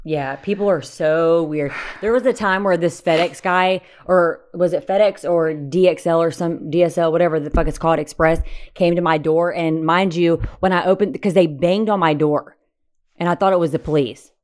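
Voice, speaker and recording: Young pregnant woman, lowish voice, animated and profane, casual chat. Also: moderate pace.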